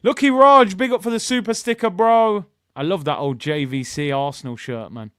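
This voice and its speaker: High-pitched, chatty fan streamer. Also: male voice, normal speed, clear, resonant tone, no echo, clean studio sound. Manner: chatty, reads out chat, erupts into shouts at good news. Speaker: football watchalong host. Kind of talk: live fan stream chat.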